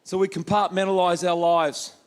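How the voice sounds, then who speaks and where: A man preaching a lively sermon as pastor, acting out quoted voices with jokey asides. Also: high voice, normal speed, smooth. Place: church hall.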